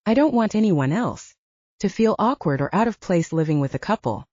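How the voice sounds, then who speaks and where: A woman voicing a calm placating band manager. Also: mid-range voice, brisk, no echo, muffled recording, natural voice. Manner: calm and reasoning. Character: steady middle-aged male band manager, placating.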